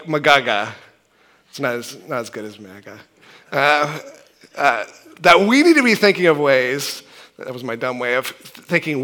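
Bright-voiced man preaching a casual sermon. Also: mid-range voice. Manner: conversational, animated preaching with frequent restarts and "right?". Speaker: pastor.

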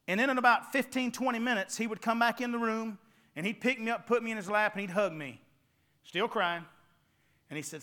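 A middle-aged man from North Carolina with a Southern accent delivers a sermon in a folksy storytelling manner. His voice sits high and sounds bright and forceful. He keeps checking in with the congregation as he goes. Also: a little fast. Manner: folksy storytelling with call-and-response asides. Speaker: preacher.

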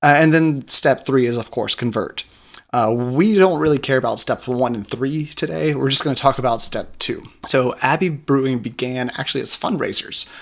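A man co-hosting a podcast, explaining beer history in a relaxed, joking way. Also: mid-range voice, normal speed, vocal fry. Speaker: podcast co-host. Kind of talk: casual chat about beer history.

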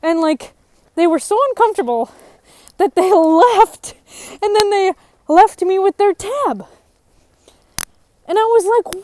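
A young woman with a high voice talks frankly about her own recovery. She is emotional and gets louder when frustrated. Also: expressive, slow, long pauses. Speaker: person in recovery sharing her story. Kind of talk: personal testimony.

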